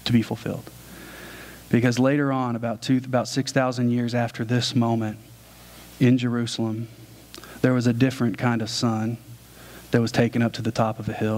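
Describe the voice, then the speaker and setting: A male pastor delivering a sermon with a mid-range voice. He tells the story in relaxed, everyday phrasing, like talking to friends, and then slows into plain, earnest teaching. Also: mid-range voice. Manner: casual conversational storytelling.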